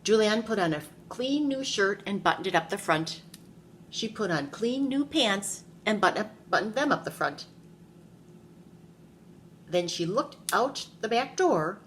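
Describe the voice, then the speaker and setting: A woman's voice: medium pitch, slight background noise. Woman reading a picture book to kids. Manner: animated storytelling, asks the children questions. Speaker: preschool teacher. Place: classroom.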